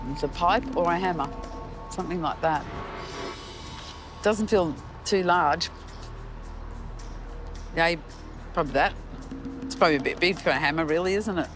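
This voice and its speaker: A woman psychic, describing her impressions in halting, searching speech. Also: fairly low pitch, music in the background.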